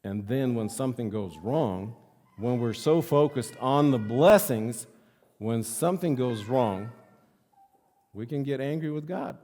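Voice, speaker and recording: A man's voice: medium pitch, unhurried, mellow. A male pastor preaching a sermon in a church sanctuary, earnestly repeating phrases for emphasis. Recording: long reverb of a church hall.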